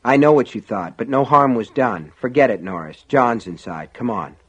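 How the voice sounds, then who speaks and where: A man voicing a calm male sheriff who gives short, firm orders. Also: mid-range voice, moderate pace, slightly rough. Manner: terse and commanding. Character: steady male small-town sheriff, calm command. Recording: dull lo-fi audio.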